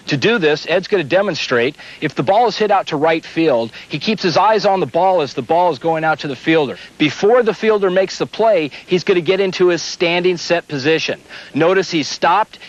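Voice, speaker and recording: Umpire instructor, male, slightly high, methodical delivery; muffled old video audio. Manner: steady, explains step by step. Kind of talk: instructional demonstration.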